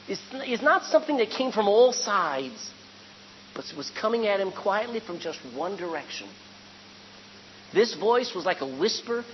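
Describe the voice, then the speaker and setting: A male preacher with a medium-pitched, animated voice preaches in a loose, conversational way, moving from punchy emphasis to quiet, near-whispered points. His voice reaches the listener through a muffled recording with a long hall echo and a faint hum underneath. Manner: lively, conversational, shifting from loud emphasis to hushed tones. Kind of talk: sermon.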